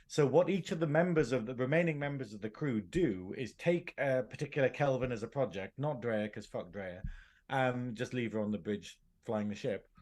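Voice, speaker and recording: A man's voice: medium pitch, animated, normal speed, a little mellow. Rambling man in casual podcast chat. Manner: rambling, stacks "basically" and "like", laughs often. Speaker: podcast co-host.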